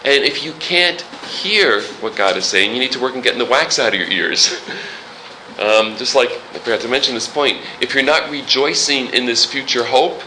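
Male pastor, very bright tone, chatty sermon with jokes, faint room noise behind. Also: medium pitch, lively intonation, moderate pace, low-quality recording. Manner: conversational, joking asides.

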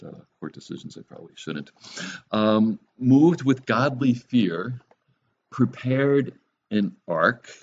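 A man's voice: lowish voice, darkish tone, lo-fi sound. A man preaching a conversational sermon, mixing scripture teaching with wry, sarcastic jokes. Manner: wry, joking asides with sarcasm.

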